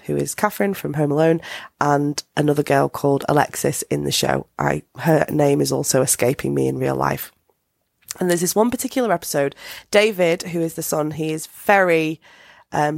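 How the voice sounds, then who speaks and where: A woman's voice: deep voice, vocal fry, no room sound, clean studio sound. A woman hosting a casual solo podcast, rambling with many fillers and restarts. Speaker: podcast host.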